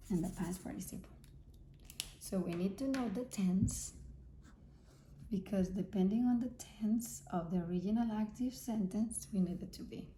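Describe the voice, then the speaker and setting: Woman, English teacher, warm low-toned voice, repeats points patiently, faint hum behind. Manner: patient, repeats key points, checks in with "okay?" and "right?". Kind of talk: grammar lesson explanation. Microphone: self-filmed camera.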